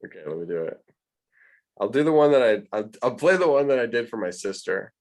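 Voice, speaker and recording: A man's voice: mid-range voice, expressive, brisk, darkish tone. A man, an art teacher, chatting casually with his class, hesitant, with many restarts.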